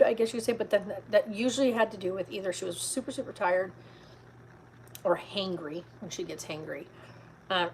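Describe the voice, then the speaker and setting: A woman's voice: mid-range voice, darkish tone, slight background noise, rough recording. A middle-aged woman vlogging in a casual, rambling chat, tired and full of fillers, talking from a car.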